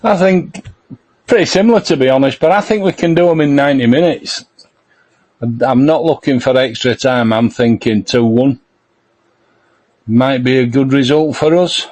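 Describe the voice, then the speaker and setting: A man chatting casually on a podcast panel, jokey and quick to laugh. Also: medium pitch, a little mellow. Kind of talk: casual chat.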